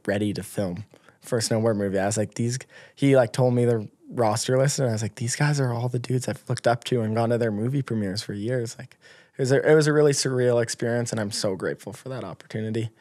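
A man in his twenties, a guest on a podcast, telling stories in a lively, casual way, full of filler words. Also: medium pitch, quick pace, dry recording, clean studio sound. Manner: animated, lots of filler words, acts out quotes. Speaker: guest snowboarder. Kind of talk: casual storytelling. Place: podcast studio.

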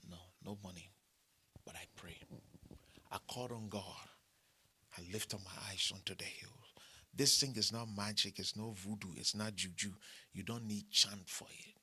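Preacher man with husky, bright voice. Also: fairly low pitch, steady tone, moderate pace, long pauses. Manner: storytelling preacher who mixes humor with appeals for money; repeats short phrases for emphasis. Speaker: pastor. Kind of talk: sermon.

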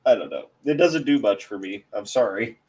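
A man's voice: lowish voice, animated, moderate pace, a little mellow, husky. A man hosting a car channel's live stream, chatting casually in a rambling, hesitant, self-deprecating way.

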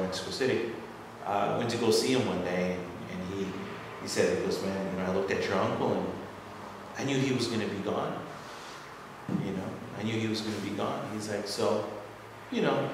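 Low-voiced man rambling through a story. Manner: rambling, many fillers and restarts, animated when quoting. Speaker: audience member sharing a story. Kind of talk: casual personal storytelling. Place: assembly hall. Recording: distant echoey hall recording with clear room noise.

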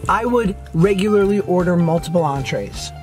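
Guest spot: a man with a high-pitched, playful joking delivery over a clear music bed. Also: animated, moderate pace. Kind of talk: casual mukbang chat.

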